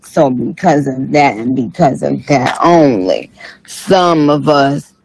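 A man's voice: mid-range voice, lively intonation, takes it slowly, creaky, darkish tone, a little hiss or hum, low-quality recording. A man doing a comic impression of a sassy, tired female rap star who reads live chat comments on a late-night stream, with a drawling, profane manner.

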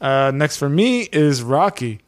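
A man with a slightly higher voice talks through a ranked list of films in easy, casual chat. He is eager and quick with praise. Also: big pitch swings. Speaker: podcast co-host. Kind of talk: casual movie-ranking chat.

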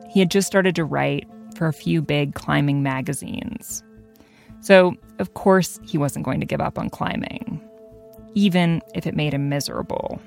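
A podcast host narrating a story in measured scripted sentences. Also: mid-range voice, gravelly.

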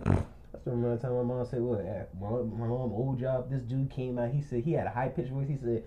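A man's voice: mid-range voice, fairly even intonation, brisk, slight background noise. A young man telling a long, rambling story in casual chat, often breaking into laughter. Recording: muffled lo-fi recording.

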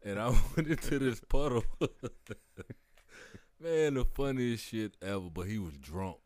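A man's voice: mid-range voice, expressive, unhurried, darkish tone, no room sound, studio quality. A man casually swapping profane army stories and laughing at old memories. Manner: laid-back, profane, laughing storyteller. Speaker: army veteran in conversation. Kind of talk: casual chat.

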